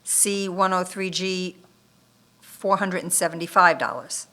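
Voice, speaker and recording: A woman reading bid amounts aloud at a town bid opening, listing item codes and dollar figures in a steady, methodical way. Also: fairly low pitch, measured pace. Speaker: municipal official reading bids. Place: town government meeting room.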